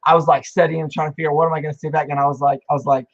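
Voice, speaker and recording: A man's voice: fairly high pitch, level tone, rapid-fire, dry recording, lo-fi sound. A man co-hosting a casual chat show and telling a rambling story. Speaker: podcast co-host.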